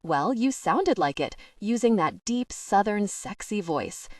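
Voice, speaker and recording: A woman narrating an audiobook in a steady, even storytelling manner. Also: mid-range voice, a little slow, no room sound, clean studio sound, recorded from a distance. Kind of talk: scripted narration.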